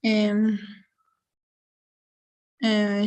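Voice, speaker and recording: A woman student answering her teacher very slowly and hesitantly, filling her pauses with "uh" and "um". She speaks in a flat, even tone with little rise and fall. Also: mid-range voice. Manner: hesitant, many fillers.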